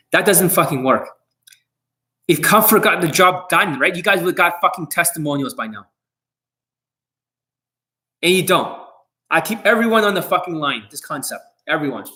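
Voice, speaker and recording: A dating coach, a man, delivers a boastful, profane monologue straight to his viewers. His voice sits a little high for a man, and he talks bluntly, with no softening. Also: expressive, moderate pace, pauses often. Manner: blunt, boastful, heavy swearing.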